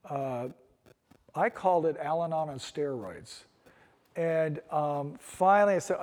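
A middle-aged man tells his own recovery story in a somewhat high, light voice. He rambles candidly and drops wry jokes at his own expense. The sound carries a long hall echo. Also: animated, measured pace, darkish tone. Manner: candid, rambling, with wry self-deprecating asides. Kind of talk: personal testimony at a recovery meeting. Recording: long echoey hall reverb.

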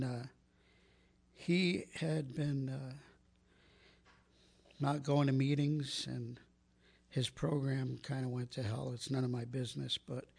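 A man's voice: mid-range voice, gravelly, husky. A man giving a candid, profane personal testimony about his recovery from alcoholism, with many fillers and restarts.

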